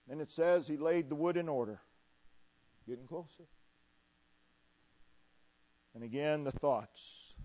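A male preacher delivers a sermon at an unhurried, deliberate pace. His voice sits a little high for a man, and it swells loud and then drops to a hush around the refrains he keeps repeating. The recording sounds dull and lo-fi. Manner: emphatic, with swings from loud to hushed and repeated refrains.

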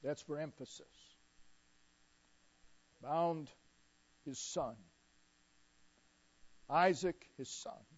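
A male preacher delivers a sermon at an unhurried, deliberate pace. His voice sits a little high for a man, and it swells loud and then drops to a hush around the refrains he keeps repeating. The recording sounds dull and lo-fi. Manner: emphatic, with swings from loud to hushed and repeated refrains.

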